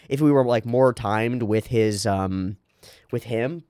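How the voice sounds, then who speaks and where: A man's voice: mid-range voice, measured pace, clean tone, dry recording, studio quality. A man hosting an anime reaction video, chatting casually about what he sees and reading lines of dialogue aloud. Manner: animated, quotes dialogue and muses aloud, swears casually.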